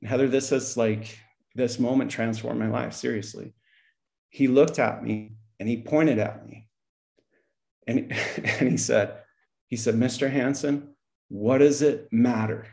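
Man, middle-aged, gravelly voice, storytelling, acts out dialogue. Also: medium pitch, a little slow. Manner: animated storyteller, acts out dialogue, laughs often. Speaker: podcast guest, school principal. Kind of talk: storytelling in conversation.

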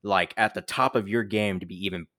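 A man co-hosting a casual movie review chat, animated, swearing freely and filling gaps with "like" and "um". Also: sits low, a little fast, dry recording, clean studio sound. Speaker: podcast co-host.

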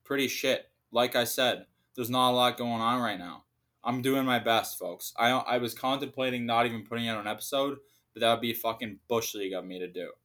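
A man's voice: mid-range voice, fairly quick, fairly bright tone. A young adult man hosting a casual solo podcast, ranting with heavy profanity and sarcasm. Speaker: podcast host.

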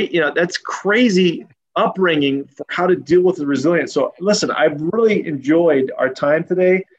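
A man's voice: fairly high pitch, muffled recording. A man hosting a podcast interview, talking in a casual, rambling way with many fillers and restarts. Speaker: podcast host.

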